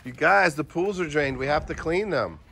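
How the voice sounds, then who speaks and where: An animal sanctuary keeper walks among his dogs outdoors, talking to them in sing-song baby talk, recorded on a phone. His voice is a little high with lively intonation, vocal fry, and normal speed, while barking dogs create loud background noise.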